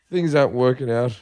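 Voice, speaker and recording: Mid-thirties comedian co-host, crude banter, mid-pitched. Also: male voice, dark tone. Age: 30s. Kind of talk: casual chat.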